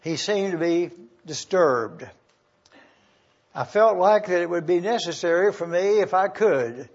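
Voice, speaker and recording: A high-voiced man preaches slowly and deliberately, reading scripture and spelling out words letter by letter. The recording of the church service is dull and lo-fi. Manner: slow and deliberate, spelling out terms. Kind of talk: teaching sermon with scripture reading.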